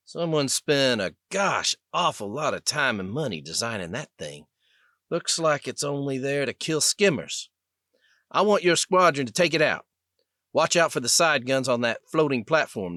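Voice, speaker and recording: A man voicing a calm army lieutenant with a Southern US accent and an unhurried drawl, in an audiobook. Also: medium pitch, no room sound, clean studio sound, voice pushed up. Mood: calm command.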